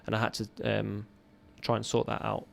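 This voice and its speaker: A man in his thirties, a podcast guest, telling a raw personal story in an earnest, halting way. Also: on the low side, monotone, vocal fry, a little hiss or hum.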